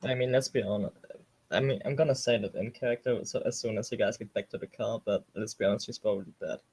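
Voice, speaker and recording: A man's voice: fairly low pitch, fairly even intonation, fast talker, a little mellow, husky. A man playing in a casual tabletop game, making dry, blunt remarks and reading out rules. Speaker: player.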